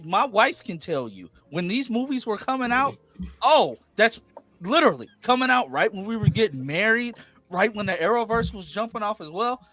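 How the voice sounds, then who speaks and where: Animated man talking excitedly as a fan. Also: high voice, moderate pace. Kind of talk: casual podcast chat.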